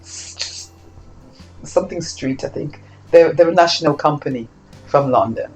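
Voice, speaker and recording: An older woman from Saint Kitts, interviewed about her life, speaking reflectively and growing animated as she acts out old exchanges. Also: low-pitched, a little slow, soft background music, poor audio. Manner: reflective, animated when acting out quoted exchanges. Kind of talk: oral history interview.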